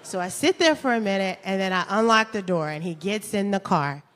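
A woman's voice: medium pitch, brisk, a bit bright. A woman telling a funny personal story on stage, laughing through her punchlines. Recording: roomy hall reverb.

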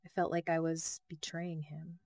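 A calm male mission controller with a smooth, rounded voice, as a woman reads him in an audiobook. He talks softly and soothingly, pitched fairly low. The recording is close and dry. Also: moderate pace, no room sound. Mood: gentle. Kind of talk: audiobook narration.

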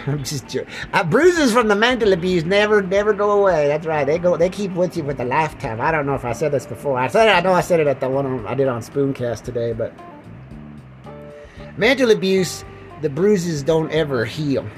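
Faint music plays behind a man who hosts a laid-back podcast from a lying position indoors, joking, rambling, and repeating words. His slightly high voice has lively intonation at a normal speed, and the recording is rough.

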